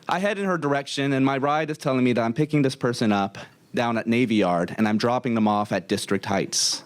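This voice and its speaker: A young man telling a comic story to a live audience in a comedy club, wry and deadpan sarcastic. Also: medium pitch, quick pace.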